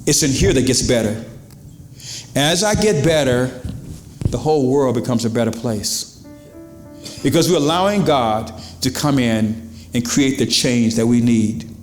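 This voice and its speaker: A man's voice: medium pitch, unhurried, long pauses, echoey room, soft background music. A pastor preaching to his congregation in a church, in a conversational style with questions to the crowd and quoted voices. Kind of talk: sermon. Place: church sanctuary.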